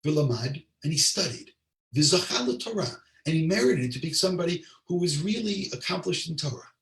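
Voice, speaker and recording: A rabbi teaches a Torah class, reading Hebrew and translating each line into English with asides to his audience. His voice has a gravelly edge. It sounds roomy and a little distant from the mic. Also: a little high, expressive, normal speed, fairly bright tone. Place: lives in Israel.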